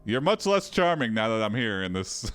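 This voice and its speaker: A man's voice: lowish voice, sing-song, normal speed, fairly bright tone, faint music behind. A man hosting a live stream, reacting to an AI story with jokes and frequent laughter. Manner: joking, reactive, laughs often. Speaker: host and game player. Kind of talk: live-streamed game commentary.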